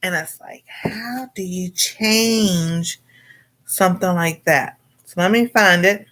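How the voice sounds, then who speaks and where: Slow, bright-voiced woman chatting. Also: on the low side. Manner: rambling, chatty, greets viewers, laughs often. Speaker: cooking channel host. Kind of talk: casual livestream chat.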